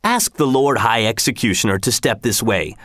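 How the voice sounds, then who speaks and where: A man's voice: on the low side, expressive, a bit bright, dry recording, clean studio sound. A man voicing a smug, menacing governor who drags out his words condescendingly. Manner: slow, drawn-out, condescending delivery. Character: smug, menacing male governor, slow and silky.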